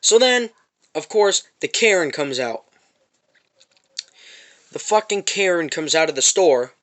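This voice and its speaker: A man's voice: a little high, expressive, a little slow, a bit bright. A man telling an angry, profane story about a confrontation in a parking lot, repeating himself as he goes. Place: parked van.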